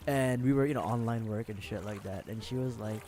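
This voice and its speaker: A man's voice: on the low side, a little fast, dark tone, slight background noise. A man from the Philippines chatting casually with viewers on a gaming livestream, laughing often and swearing freely as he rambles.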